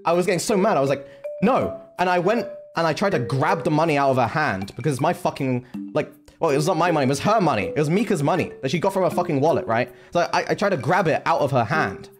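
A man's voice: a little high, fast, few pauses. A young man streaming, telling a story casually with lots of swearing and restarts. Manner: animated, heavy swearing, lots of fillers and restarts. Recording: music playing behind.

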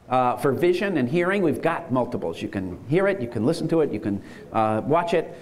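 A man giving an enthusiastic conference lecture, chuckling as he explains ideas. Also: fairly high pitch. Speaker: lecturer on universal design.

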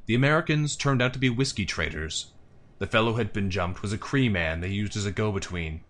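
A man reading a story game aloud with expressive storybook narration and musing asides. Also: lowish voice, a little fast. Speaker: let's play narrator.

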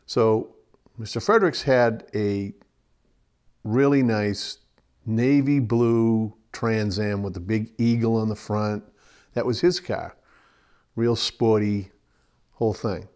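Male interviewee, slow and deliberate, somewhat low voice, hesitant. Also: darkish tone. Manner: hesitant, searching for details. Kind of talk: storytelling interview.

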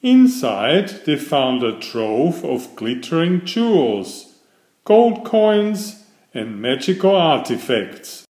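A man reading a fairytale aloud in slow, expressive, scripted storybook narration. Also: mid-range voice. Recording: echoey room.

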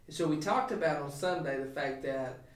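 A man, a pastor, talking through a scripture passage on a podcast in an emphatic, animated preaching way with frequent restarts. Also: a little high, moderate pace, reverberant, recorded from a distance. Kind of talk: podcast sermon talk.

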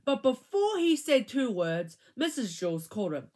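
A woman reading a children's chapter book aloud, with an expressive, animated delivery. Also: fairly high pitch, unhurried. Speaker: reader.

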